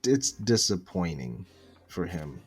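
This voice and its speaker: A man co-hosting a casual anime podcast, laid-back, his voice softening as sentences trail off. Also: sits low, very animated, takes it slowly, breathy edge, faint music behind. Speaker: podcast co-host.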